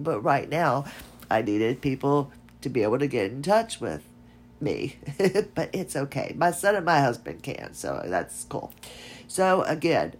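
A woman hosting her own podcast, talking casually with a nasal voice and a chatty, rambling, self-laughing manner. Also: rumbling low. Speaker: podcast host. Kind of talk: casual solo podcast talk.

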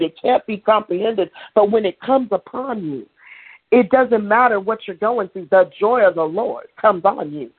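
Husky-voiced woman preaching over a phone line. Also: mid-range voice. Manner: conversational, animated preaching with laughs. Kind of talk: sermon. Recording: tinny phone-like sound.

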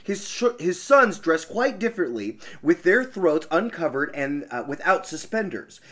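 A man reading a fairy tale aloud on a podcast, breaking off for casual banter and laughing asides. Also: on the high side. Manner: animated, laughing asides, quick voices for characters.

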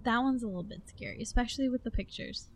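A woman's voice: on the high side, fast talker, slight background noise. A young woman co-hosting, chatting casually and reading a story aloud. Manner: chatty, lots of fillers like 'like'. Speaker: podcast co-host.

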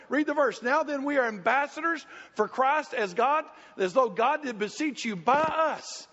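A man's voice: very high voice, animated, normal speed, few pauses, fairly bright tone. A man preaching a sermon, folksy and joking, sometimes pleading. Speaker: pastor. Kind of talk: sermon with congregation volunteers. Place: church sanctuary. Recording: muffled church hall reverb.

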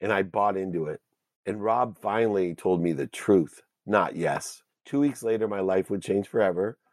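A man telling a personal story as an interview guest, earnest and emotional, with halting restarts. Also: low-pitched, darkish tone, no echo, studio quality.

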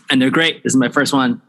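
A man's voice: mid-range voice, gravelly, a bit bright, poor audio. A man hosting his podcast, chatting casually and thinking aloud with ums and restarts. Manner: easygoing, thinking aloud with fillers. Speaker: podcast host. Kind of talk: casual chat. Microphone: headphones, podcast mic.

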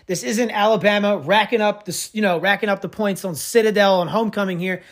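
A man's voice: high voice, steady tone, quick pace. A man hosting a sports podcast, ranting in a sarcastic, profane, rambling way. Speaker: podcast host. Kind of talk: casual sports podcast rant.

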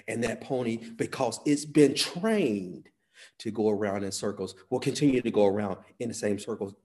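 A man preaching a sermon, swinging from soft, quiet phrases to sudden loud, emphatic peaks. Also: lowish voice.

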